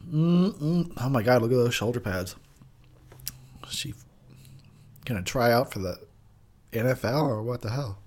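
A man's voice: medium pitch, unhurried, pauses often, a little mellow. A tipsy man giving crude, rambling drunken movie commentary, laughing often. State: drinking, tipsy.

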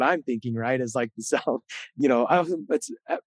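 A man's voice: mid-range voice, moderate pace, no room sound. Earnest man telling a story, dry mic. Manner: animated, earnest, repeats words as he talks. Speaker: podcast host being interviewed. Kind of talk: candid storytelling interview.

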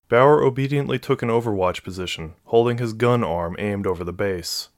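A man narrating a science-fiction novel in a steady, measured reading. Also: fairly low pitch, no echo. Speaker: audiobook narrator. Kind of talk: scripted narration.

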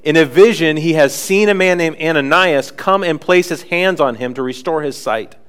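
A man preaching a sermon, animated, acting out the people in the scripture with frequent asides. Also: on the high side, moderate pace, clean tone. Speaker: pastor.

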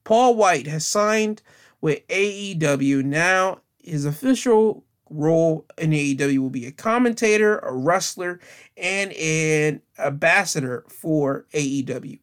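A man's voice: a little high, expressive, unhurried, smooth. A man giving a casual spoken recap of wrestling news, chatty and loose, with frequent fillers and restarts.

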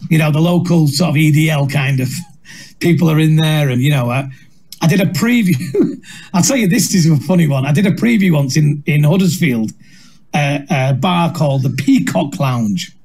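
A middle-aged man with a Northern English accent, a comedian telling stories in a lively, self-mocking way and laughing through them. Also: fairly high pitch, moderate pace, husky. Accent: Northern English, Manchester. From England. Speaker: comedian guest. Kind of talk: anecdotal storytelling.

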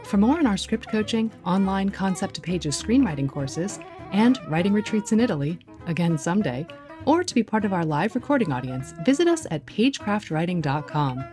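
A woman's voice: mid-range voice, brisk. A woman host reading a scripted outro announcement. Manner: lively, read announcement. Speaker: podcast host. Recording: voice over guitar music.

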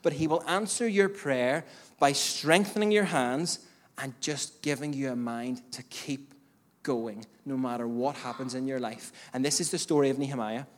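A man's voice: medium pitch, normal speed. A man preaching a sermon as pastor, speaking emphatically with repeated phrases and direct address to the congregation. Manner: emphatic preaching with rising bursts and repetition.

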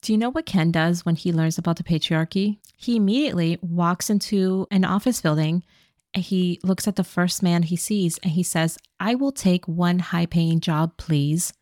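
Woman, fairly low voice, dry close sound, casual animated movie recap, playful quoting. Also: no room sound. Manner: animated storytelling with quick, playful quoted lines. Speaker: podcast co-host recapping a movie. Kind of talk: casual chat, retelling a film plot.

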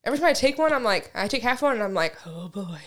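A woman's voice: on the high side, expressive, rapid-fire, a bit bright. A young woman co-hosting a casual podcast chat, telling stories, swearing freely and laughing often. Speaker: podcast co-host. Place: lived in a place with basements, now in Texas.

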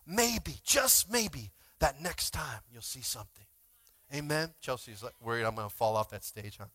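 A male pastor preaching a sermon informally, swinging between shouted exhortations and quiet asides, often asking the congregation to respond. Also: mid-range voice, expressive, normal speed, no room sound. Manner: informal, frequent "like" and call-and-response.

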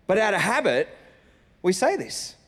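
A male Australian pastor gives a sermon in a relaxed, storytelling way, slipping into little voices for the greetings he quotes. His voice sits somewhat high and rings out with long reverb in a large church hall. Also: normal speed. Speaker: senior pastor. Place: church auditorium.

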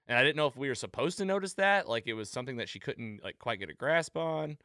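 A man's voice: mid-range voice, fast talker, hardly any pauses, no echo, studio quality. A man hosting a casual podcast recap, acting out quoted lines as he talks. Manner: animated, acts out quoted lines. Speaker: podcast host.

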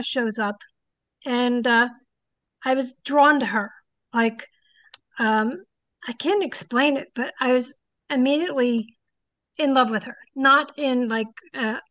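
A woman's voice: sits high, fairly bright tone, dry recording. An older woman, a psychic guest, telling stories in a casual interview and animatedly acting out the people she quotes.

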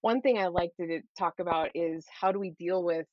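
A middle-aged woman speaking as a guest in an interview, earnest and encouraging, often checking in with a quick "right?". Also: on the low side, no echo, lo-fi sound. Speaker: guest, Christian parenting coach. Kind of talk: conversational interview.

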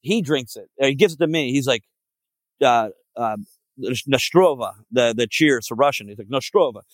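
A man's voice: medium pitch, a little fast, dry recording. A man guest on a podcast telling a long road story, rambling and profane with lots of fillers. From Philadelphia area. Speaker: podcast guest, band frontman. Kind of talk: casual storytelling.

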